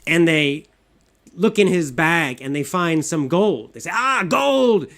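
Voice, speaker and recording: A man's voice: on the high side, measured pace, a bit bright. A man retelling a story in plain, simple English with repeated phrases.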